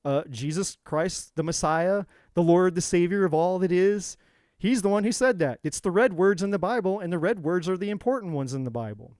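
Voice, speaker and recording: A man's voice: high-pitched, animated, moderate pace, a little mellow, no room sound, studio quality. A man giving a spiritual talk on a live tarot stream, preachy and profane, repeating words for emphasis. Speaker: tarot reader.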